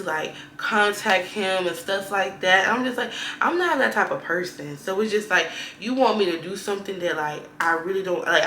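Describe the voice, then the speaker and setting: A young woman, telling a dating story in a casual, animated vlog style. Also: medium pitch. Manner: animated, laughing retelling with quoted dialogue. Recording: echoey room with faint noise.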